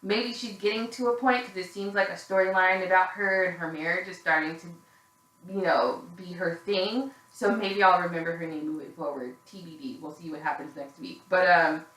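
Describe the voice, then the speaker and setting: A woman delivers a casual, opinionated recap, candid and gossipy, cursing without hesitation and leaning on fillers. Her voice is bright and forward, and it rings off the hard walls of an echoey room. She sounds a little worn out. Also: fairly low pitch, steady tone, moderate pace. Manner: candid and gossipy, swears freely, frequent fillers. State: tired. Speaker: reality TV recap reviewer.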